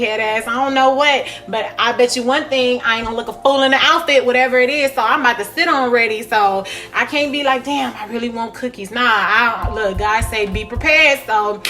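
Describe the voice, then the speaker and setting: A woman's voice: fairly high pitch, bright, forceful tone. A young woman, talking bluntly and profanely in a candid vlog monologue, laughing often. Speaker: spiritual vlogger.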